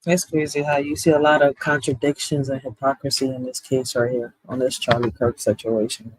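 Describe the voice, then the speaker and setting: A man's voice: medium pitch, flat delivery, fairly quick, low-quality recording. A man co-hosting a live stream, talking in a blunt, opinionated, conversational way. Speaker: stream co-host. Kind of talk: casual chat. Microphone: streaming mic.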